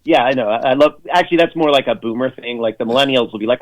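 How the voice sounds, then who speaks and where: A man's voice: medium pitch, rapid-fire, few pauses, low-quality recording. A man speaking as a radio guest in a casual, rambling way, full of fillers and restarts, with sardonic jokes. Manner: sardonic jokes in mock voices. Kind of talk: casual radio interview chat.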